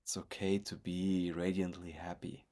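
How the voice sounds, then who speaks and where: Animated low-voiced man, enthusiastic. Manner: animated and enthusiastic, with halting restarts. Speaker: research partner. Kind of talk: reflective conversation.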